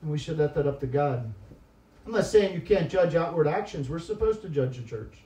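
A man preaching a sermon as a guest speaker in church, moving between soft, tearful-toned confession and loud, emphatic exhortation. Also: a little high, lively intonation, a little fast. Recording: echoey church hall, distant mic.

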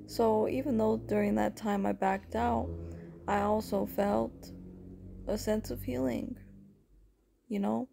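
A woman's voice: medium pitch, little pitch movement, unhurried, creaky, long pauses, dark tone, a little hiss or hum. A woman telling her personal spiritual story to viewers in a rambling, emotional way, calling them folks and honey. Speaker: spiritual content creator. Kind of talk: personal testimony vlog.

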